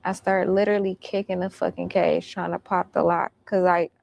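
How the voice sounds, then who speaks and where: A woman's voice: lowish voice, little pitch movement, moderate pace, creaky, darkish tone. A woman recounting events in casual storytelling, blunt and profane.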